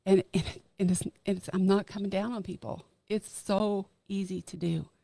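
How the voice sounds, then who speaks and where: A middle-aged woman talking as a podcast guest, earnest and emphatic, slowing down to stress her key points. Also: medium pitch, fairly even intonation, vocal fry, dark tone, dry recording. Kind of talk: casual chat.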